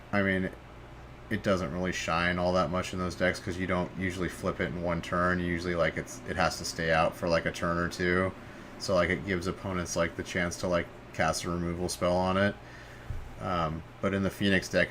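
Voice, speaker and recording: A young man streaming casual game commentary from home, talking loosely with lots of fillers, easily excited and swearing. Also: deep voice, moderate pace, a little hiss or hum. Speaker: stream host.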